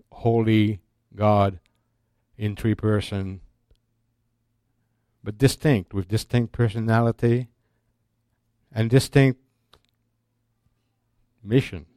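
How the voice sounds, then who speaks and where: A man teaching a sermon in a slow, deliberate, emphatic way, restarting his phrases often. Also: fairly low pitch, dark tone, clear, resonant tone, no room sound, clean studio sound. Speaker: Bible teacher.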